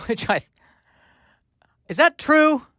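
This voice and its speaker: A man's voice: very high voice, sing-song, extremely slow, sharp tone, dry recording. Dry-voiced joking male podcast host. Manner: joking, rambling, self-mocking asides. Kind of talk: comedic podcast monologue.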